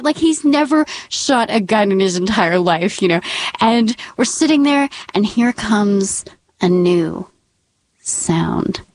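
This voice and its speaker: Slow, wry woman telling a story. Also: mid-range voice, no room sound. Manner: wry, deadpan humor, dramatic whispers. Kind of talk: live personal storytelling.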